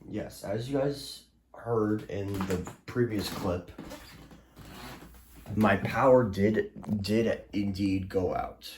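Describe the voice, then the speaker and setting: A young man talks casually to his viewers, rambling, restarting sentences and filling gaps with ums. His voice sits low. The room around him is echoey. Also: a little mellow, slight background noise. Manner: rambling, many restarts and fillers. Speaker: weather alert vlogger. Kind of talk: casual recap to camera. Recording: roomy echo.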